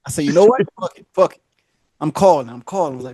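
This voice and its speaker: A man hosting a podcast, telling a long story in casual slang. He keeps slipping into high voices to act out the people in it. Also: quick pace, darkish tone. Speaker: podcast host. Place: podcast studio.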